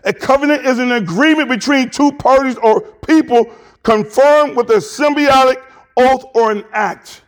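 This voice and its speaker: A pastor in his sixties with a Southern US accent, preaching an animated, joking sermon straight to the congregation. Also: very high-pitched, normal speed. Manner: animated, jokey, talks to congregation.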